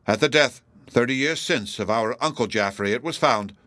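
A man reading aloud in the voice of a smug, pompous elderly judge, formal and deliberate. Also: mid-range voice, fairly bright tone, no echo, lightly acted. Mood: persuasive. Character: smug, self-assured elderly male judge, pompous and formidable.

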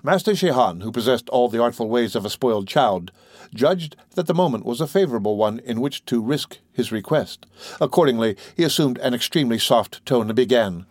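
A male audiobook reader narrating a classic novel at a steady, unhurried pace. His pitch sits in a middling range. The recording is dry and close. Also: no echo.

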